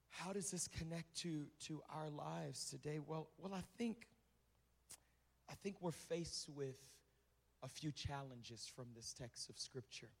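A man's voice: fairly high pitch, creaky. A male pastor delivering a sermon in a conversational way, repeating phrases for emphasis. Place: church sanctuary. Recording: reverberant hall with music behind.

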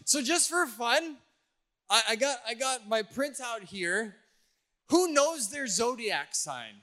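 A young man giving a sermon as a youth pastor in church. He is playful and energetic with the crowd, and his voice sits high and sounds bright and forceful. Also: slow pace.

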